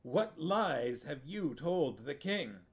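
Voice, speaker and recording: An indignant envoy who protests loudly in a fantasy storybook, as a man reading aloud voices him. The voice sits higher than the reader's own, slow and gravelly. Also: very animated, heavily acted. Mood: protesting. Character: hostile foreign envoy, man, indignant and blustering.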